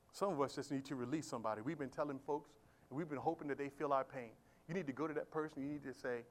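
A man preaching a sermon as pastor, swinging from quiet talk to loud shouted emphasis and asking the congregation questions. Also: medium pitch, fast, a little hiss or hum. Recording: live church sermon audio.

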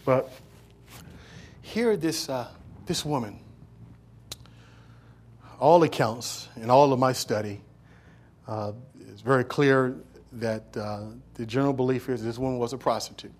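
Husky-voiced impassioned male preacher. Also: mid-range voice, unhurried, pauses often, a little mellow. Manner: impassioned, acts out the characters' words. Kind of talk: sermon storytelling.

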